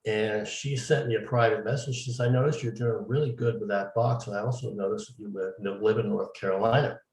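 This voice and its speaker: A man's voice: fairly low pitch, fairly even intonation, fairly quick, a little mellow. A man being interviewed, telling his story casually and acting out the dialogue he quotes. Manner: recounts events at length, acting out quoted dialogue. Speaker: interview guest, medium. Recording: roomy, distant mic.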